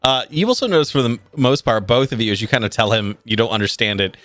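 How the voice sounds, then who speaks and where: A man's voice: medium pitch, quick pace, a bit bright, dry recording, soft background music. A man narrating a tabletop game as game master, in a casual, rambling manner full of filler words.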